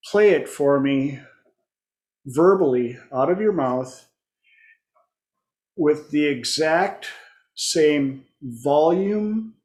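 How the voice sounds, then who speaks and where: A man's voice: fairly high pitch, darkish tone, reverberant. A man hosting a coaching talk. He rambles and digresses, with many fillers. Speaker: life coach host.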